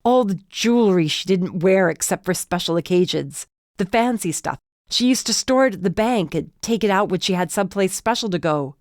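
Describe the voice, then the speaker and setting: A woman's voice: medium pitch, animated, normal speed, a little mellow, no room sound, clean studio sound, close to an everyday voice. A woman voicing a bitter, resentful grown man holding a gun, spitting his words through gritted teeth.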